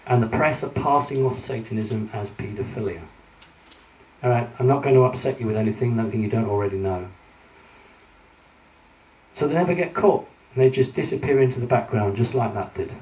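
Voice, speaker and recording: A man's voice: mid-range voice, brisk, darkish tone. A British man giving a conference talk with slides, earnest and warning, with many fillers and restarts. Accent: British English. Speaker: conference speaker. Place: large conference hall. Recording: echoey hall from far off, faint hiss.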